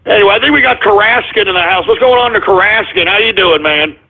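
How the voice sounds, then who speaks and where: A man's voice: high-pitched, expressive, quick pace. A man hosting a call-in radio show, rambling and exasperated, repeating himself as he talks to callers. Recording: tinny phone-like radio audio.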